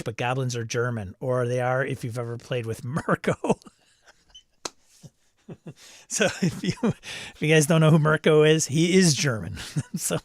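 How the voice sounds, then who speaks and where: This is a casual livestream where the male host reads out viewers' comments and frequently laughs. He speaks at medium pitch, and the sound is dry with studio quality.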